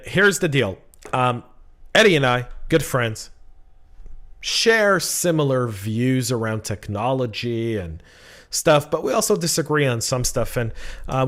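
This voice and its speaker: A man hosting a tech podcast, opening with playful jokes and then explaining the show's plan. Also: medium pitch. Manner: playful, jokey. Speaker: podcast host.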